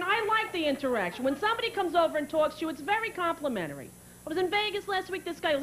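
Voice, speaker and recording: A woman's voice: very high voice, big pitch swings, fast, fairly bright tone, slight background noise, low-quality recording. A woman comedian performing a stand-up set in a brash, sarcastic, profane way. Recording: live club with crowd laughter. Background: audience laughter.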